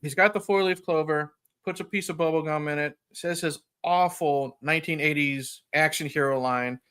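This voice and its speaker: A man's voice: on the high side, steady tone, moderate pace, fairly bright tone, clear, resonant tone. A man hosting a podcast, retelling a film in a rambling, chuckling casual chat. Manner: rambling, chuckling retelling with frequent "you know". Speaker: podcast host.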